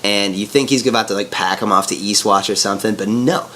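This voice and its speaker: A man's voice: fairly low pitch, bright, forceful tone, slight background noise. A young man co-hosting a podcast in casual chat, laid-back and joking. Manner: laid-back, does quick silly character voices. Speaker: podcast co-host.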